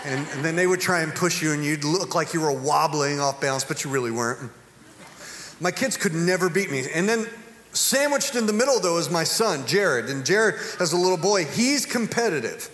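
A man's voice: fairly high pitch, expressive, moderate pace, fairly bright tone, soft background music. A middle-aged man preaching a sermon as a pastor, mixing humorous storytelling with earnest preaching. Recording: echoey hall with long reverb.

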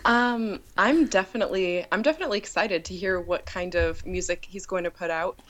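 A woman's voice: on the low side, brisk, fairly bright tone. A young woman chatting on a fan podcast, a bit hesitant with fillers. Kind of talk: casual podcast chat.

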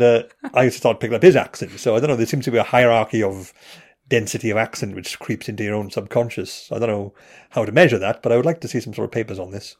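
Low-voiced Welsh man chatting. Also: fairly even intonation, fast, a little mellow. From Wales. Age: 30s. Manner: rambling, chuckling, restarts often. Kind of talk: casual chat.

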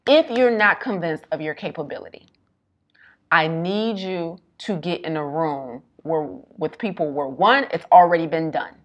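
Emphatic, lower-voiced woman health coach. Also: lo-fi sound. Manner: emphatic, repetitive, colloquial, fast bursts. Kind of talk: motivational talk.

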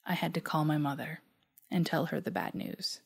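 A woman from Newfoundland reading her own personal reflection aloud in a soft, measured, reflective way that at times sinks close to a whisper. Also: low-pitched, creaky, breathy edge.

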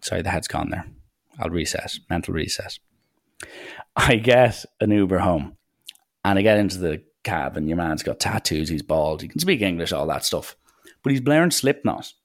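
A man's voice: normal speed, creaky. A young adult man with an Irish accent telling rambling, jokey stories in a casual monologue, often interrupting himself. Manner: animated, swings pitch for acted quotes.

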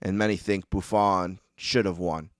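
A man with a Western New York accent hosts a sports podcast on his own, rambling and poking fun at himself between ums and uhs. His voice is smooth and clear and sits a little low. He is recorded dry and close, with no room sound. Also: steady tone, a little slow, no room sound. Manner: rambling, self-deprecating, frequent ums and uhs. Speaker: podcast host. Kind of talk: casual solo monologue.

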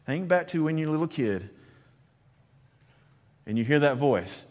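A man's voice: a little high, lively intonation. Earnest male pastor preaching in a hall. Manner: earnest preaching, swinging between loud emphasis and quiet slow lines. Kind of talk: sermon. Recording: long hall reverb.

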